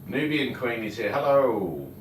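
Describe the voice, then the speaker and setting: A man's voice: mid-range voice, expressive, measured pace. A man co-hosting a casual livestream, greeting viewers by name and teasing his co-host. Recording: echoey room, mic far off, faint noise.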